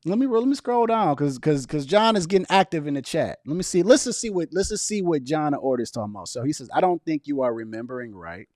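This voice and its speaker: A young man speaking casually on a livestream, arguing back at viewers' chat comments in an animated, argumentative way. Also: on the high side, fast, few pauses, no echo, clean studio sound. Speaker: political vlogger reading live chat.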